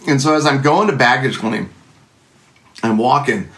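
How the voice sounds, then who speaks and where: A man's voice: medium pitch, normal speed, a bit bright. A middle-aged man telling a funny personal story in a casual, sarcastic, self-mocking way.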